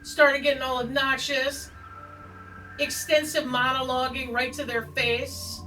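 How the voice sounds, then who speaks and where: A woman's voice: high voice, little pitch movement, a little slow, sharp tone, distant mic, low-quality recording. A woman hosting a tarot video, chatting in a rambling, joking, self-deprecating way with plenty of asides. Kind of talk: rambling casual chat. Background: faint background music.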